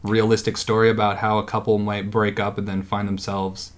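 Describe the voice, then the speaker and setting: A man in casual conversation, talking haltingly with many pauses and fillers. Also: fairly low pitch, level tone. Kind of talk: casual podcast chat.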